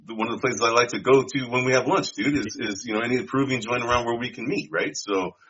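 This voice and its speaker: A man's voice: medium pitch, fast, a bit bright, lo-fi sound, slight background noise. A man co-hosting a podcast in casual chat, laid-back and full of "dude" and "bro". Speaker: podcast co-host.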